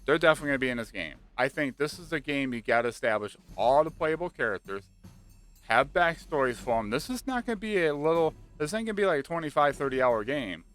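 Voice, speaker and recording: Excitable rambling man over faint music. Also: on the high side, quick pace. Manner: rambling, excited, many "like" fillers. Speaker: gaming channel host. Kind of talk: casual speculative chat. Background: faint background music.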